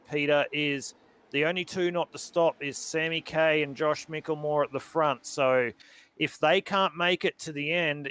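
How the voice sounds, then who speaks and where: A man calling a sim race with a slightly high voice. He talks along steadily and then climbs in pitch and volume when the cars go side by side. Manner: gets loud and excited in close battles. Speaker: race commentator. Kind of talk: sim racing commentary.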